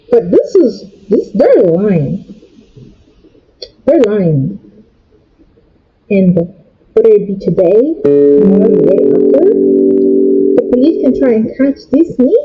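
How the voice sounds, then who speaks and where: Breathy young woman ranting a storytime. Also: mid-range voice, narrow, tinny audio. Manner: agitated, jumping between loud outbursts and quieter asides. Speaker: storytime vlogger. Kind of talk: emotional storytime rant.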